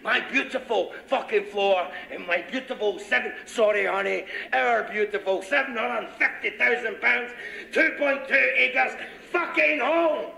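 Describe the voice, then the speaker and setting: An actor playing a sadistic, gloating gangster who mocks and taunts. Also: male voice, very high-pitched, unhurried, creaky, pushed and bright, roomy sound, full character voice. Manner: mocking, taunting, laughing cruelly. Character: sadistic gloating British gangster, middle-aged man.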